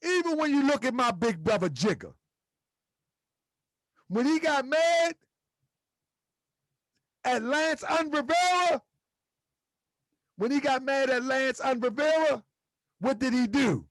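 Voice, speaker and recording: A man's voice: very high voice, expressive, slow, pauses often, no room sound, clean studio sound. A man hosting a livestream, lecturing his chat in a preachy way with repeated rhetorical questions. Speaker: host.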